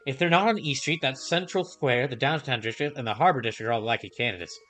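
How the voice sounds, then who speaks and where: A man reading game dialogue aloud, voicing a gentle, chatty older woman shopkeeper in a soft, higher put-on voice. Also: quick pace, faint music behind, natural voice. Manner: gentle and polite.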